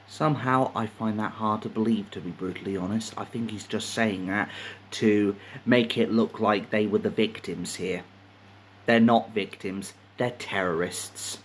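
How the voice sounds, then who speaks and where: A man reading news articles aloud and ranting about them in profane, indignant commentary, jumping from loud outbursts to muttered asides. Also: fairly low pitch, normal speed, breathy edge. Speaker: commentary channel host.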